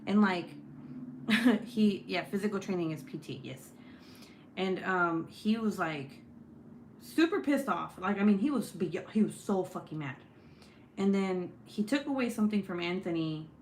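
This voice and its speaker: A young adult woman and mother, chatting casually while crafting at home, telling a story with lots of swearing and lively voice shifts. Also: mid-range voice, unhurried, echoey room, a little hiss or hum. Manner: profane, animated storytelling. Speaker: vlogger, mom.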